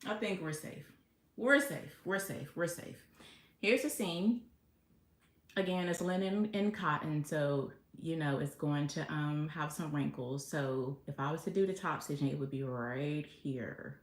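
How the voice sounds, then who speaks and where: A woman's voice: deep voice, fairly even intonation, measured pace. A woman hosting a casual sewing livestream, chatting to herself and reading viewer comments aloud as she works. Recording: echoey room with faint noise.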